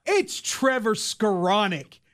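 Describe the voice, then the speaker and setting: A man's voice: high-pitched, big pitch swings, slow, a bit bright, clean tone. A man producing and co-hosting a sports show, reading recaps and bantering. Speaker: producer and co-host. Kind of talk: casual sports segment hosting.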